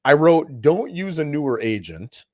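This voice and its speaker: A man talks through home-selling advice in a relaxed chat. His pitch rises and falls a lot, and he slips into quick voices for his clients. He sounds like a broker speaking from experience. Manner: animated, acts out client quotes. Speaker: real estate broker co-host.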